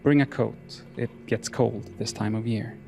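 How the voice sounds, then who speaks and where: A man narrating horror fiction in a slow, measured, solemn delivery. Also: medium pitch, steady tone, vocal fry.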